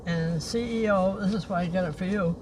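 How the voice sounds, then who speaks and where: An older man hosting a livestream outdoors by the beach, reading historical notes in a halting way and slowing down on names. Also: high voice. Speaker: livestream host. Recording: noisy outdoor recording.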